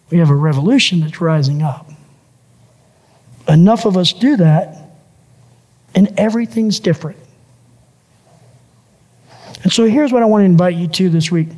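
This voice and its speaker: Pastor, sermon, mid-pitched voice, repeats phrases in lists, long hall reverb. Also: a little mellow. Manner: builds points through repeated lists and phrases.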